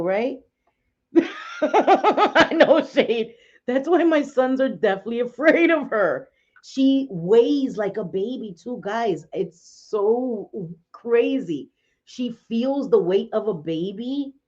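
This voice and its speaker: A woman's voice: on the high side, animated, takes it slowly, a little mellow. A middle-aged woman hosting a casual livestream from home, chatty and laughing often as she talks to viewers by name. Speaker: livestream host. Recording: dull lo-fi stream audio.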